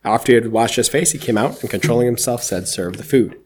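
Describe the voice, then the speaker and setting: A man's voice: medium pitch, fast talker, a little mellow, husky. A man giving a conversational, reflective sermon, reading scripture aloud and explaining it with occasional fillers. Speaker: preacher.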